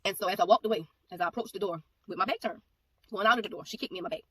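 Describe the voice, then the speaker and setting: A woman giving a personal testimony, telling the story in a rapid, animated way and acting out the back-and-forth of the exchange. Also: mid-range voice. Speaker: ministry speaker giving a testimony. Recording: voice a bit far from mic, faint background noise.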